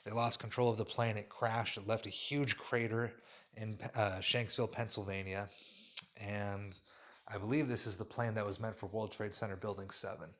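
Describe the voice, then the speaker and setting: A man giving an impassioned religious monologue, swinging between sudden loud bursts and quiet asides. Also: fairly low pitch, steady tone, moderate pace. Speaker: religious commentator.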